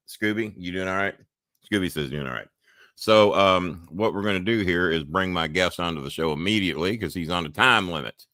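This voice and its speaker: A man's voice: very deep voice, bright, forceful tone, no echo, clean studio sound. A man hosting a talk show, chatting casually as a rambling, joking storyteller.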